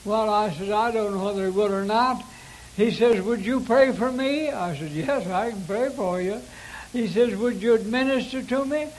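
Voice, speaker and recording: An older man, a preacher, recounting his early ministry in a folksy, halting storytelling manner with frequent restarts. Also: high voice, darkish tone, a little hiss or hum, poor audio. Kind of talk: recounting personal ministry testimony.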